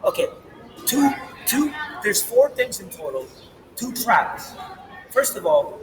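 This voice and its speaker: A man delivering a rambling, profane, animated monologue as the host of his own channel. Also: very high-pitched, slow pace, long pauses, slight background noise, low-quality recording. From Latin America.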